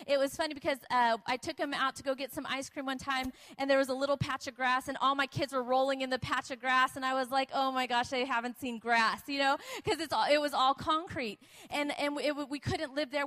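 High-voiced woman preaching with fervor. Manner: animated storytelling, acting out quoted voices, repetitive emphatic preaching. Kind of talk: sermon with personal story.

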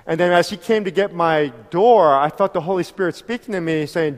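A man telling a story in a sermon, animated and acting out conversations with laughter. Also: high-pitched, moderate pace, hardly any pauses. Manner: animated, acts out dialogue with laughs. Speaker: preacher. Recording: long hall reverb.

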